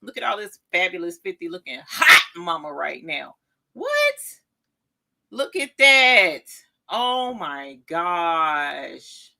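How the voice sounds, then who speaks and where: An excitable woman in her forties hosts a casual live craft stream and chats straight to her viewers. Her voice is bright and forceful, and it leaps around a wide pitch range whenever she gets excited. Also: slow pace, vocal fry. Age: 40s. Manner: gushing, excitable exclaiming; talks straight to viewers as "y'all". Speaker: craft show host.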